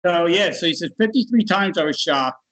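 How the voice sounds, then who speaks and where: A man's voice: high voice, fairly quick, rough recording. A middle-aged man telling a personal story in casual conversation, acting out the voices of the people in it. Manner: animated, acts out other people's voices in his stories. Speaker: guest.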